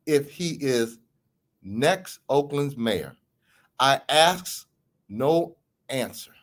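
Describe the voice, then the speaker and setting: Animated, slow-talking male podcast host. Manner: emphatic, theatrical delivery with big pitch swings. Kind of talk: political commentary.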